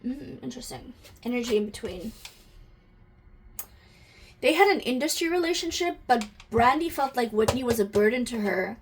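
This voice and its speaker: A woman's voice: fairly high pitch, lively intonation, normal speed, pauses often, a little hiss or hum. A woman giving an intuitive energy reading to camera, musing aloud, asking questions and talking directly to her viewers, easily moved to emotion.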